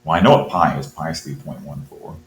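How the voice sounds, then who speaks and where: A man's voice: very deep voice, a little fast. A man teaching math, thinking aloud as he works through a quiz problem and encouraging his students. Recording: roomy with faint hum.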